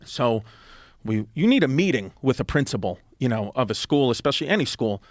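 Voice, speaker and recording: New comedian in his 30s, animated storyteller. Close mic, dead-dry room. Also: medium pitch, brisk, dry recording. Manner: animated, quoting people with a lot of "I was like". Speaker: guest comedian. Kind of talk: comic storytelling on a podcast. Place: podcast studio.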